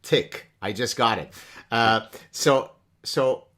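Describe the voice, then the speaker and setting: A man's voice: medium pitch, slow, fairly bright tone. A man who speaks Arabic as his first language, hosting an interview and building a point with rhetorical questions. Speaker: podcast host. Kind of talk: interview conversation.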